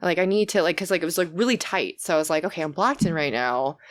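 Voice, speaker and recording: A young woman, a podcast guest, telling stories in casual chat, animated and laughing, sometimes shouting as she acts out what she said. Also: fairly low pitch, fast talker. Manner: animated, laughing, swings into loud shouted retellings.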